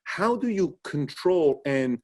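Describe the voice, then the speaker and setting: A man's voice: on the high side, takes it slowly. A man hosting a casual interview, asking questions and telling stories with acted-out quotes. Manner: animated storytelling, acts out quotes. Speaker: podcast host.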